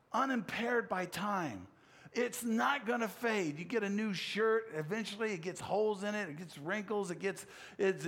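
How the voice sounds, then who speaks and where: A man's voice: sits high, fairly bright tone. A man preaching a sermon, explaining scripture in an earnest way and telling a personal story against himself. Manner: earnest, explanatory, with self-deprecating anecdote. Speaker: pastor.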